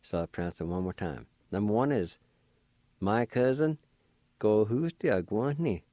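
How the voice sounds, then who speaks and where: A man teaching vocabulary in a radio lesson, spelling words letter by letter and sounding out each syllable slowly and deliberately. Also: on the low side, expressive, mellow, no echo. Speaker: language teacher.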